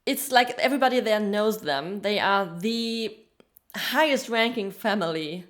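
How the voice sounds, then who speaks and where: A woman's voice: medium pitch, expressive, unhurried. A woman co-hosting a podcast, reviewing a TV episode in casual chat, with frequent ums. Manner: chatty, frequent ums, laughs while telling details. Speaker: podcast co-host.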